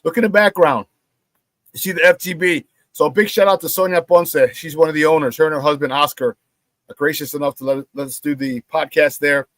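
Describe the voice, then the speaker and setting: A man's voice: fairly high pitch, brisk, dry recording. A man hosting a casual sports talk show, plugging merchandise and telling stories while acting out the quotes. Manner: animated storyteller, acts out quotes.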